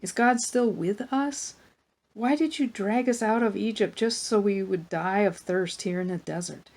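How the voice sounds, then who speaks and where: A woman's voice: mid-range voice, lively intonation, measured pace, a little mellow, lightly acted. A woman voicing a hungry, thirsty crowd of wanderers who whine and complain in a children's Bible story. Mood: accusing. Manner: whiny, complaining.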